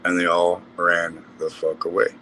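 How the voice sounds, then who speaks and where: Deep-voiced man telling a story. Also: monotone, normal speed, pushed and bright, a little hiss or hum, poor audio. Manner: storytelling, swears casually. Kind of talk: casual group chat.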